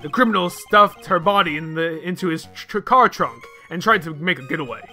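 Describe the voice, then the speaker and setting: A man's voice: on the high side, a little fast, sharp tone, faint music behind. A man voicing an earnest, bumbling male police detective in a game reading, dutiful in manner.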